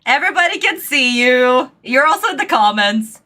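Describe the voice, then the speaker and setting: A woman hosting a reaction video, talking casually into her microphone at home, excitable and exclamatory, then rambling apologies. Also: sits high, moderate pace. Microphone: desk microphone.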